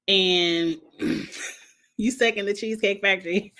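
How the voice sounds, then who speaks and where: A woman's voice: medium pitch, animated, brisk, fairly bright tone. A middle-aged woman recapping a reality show in casual chat, blunt and sassy, laughing at her own jokes.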